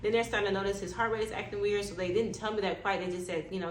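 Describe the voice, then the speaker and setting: A woman vlogger telling a personal story in a lively way, acting out what others said. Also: medium pitch, rapid-fire. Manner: animated, acts out quoted dialogue. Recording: echoey room with faint background noise.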